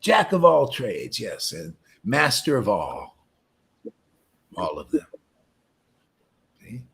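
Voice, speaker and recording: A man with a husky, slightly breathy voice leads a meditation talk, swinging his pitch widely as he jokes. He rambles casually and often breaks into laughter at his own lines. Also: very animated, takes it slowly, fairly bright tone. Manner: loose, joking and rambling, with frequent "man" and "you know". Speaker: spiritual teacher leading a meditation session. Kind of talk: casual spiritual talk on a livestream.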